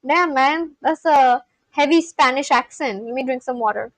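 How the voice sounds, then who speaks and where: This high-pitched woman from Kolkata in West Bengal, India is learning a language on a live stream, voicing phrases and translating them as she chats casually. She talks at a moderate pace, and the recording is dry and rough.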